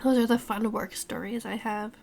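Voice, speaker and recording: A woman's voice: fairly high pitch, steady tone, normal speed, gravelly, background noise. A woman in her thirties, a streamer chatting casually while she edits, ranting and swearing as she tells work stories. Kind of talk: casual chat while editing.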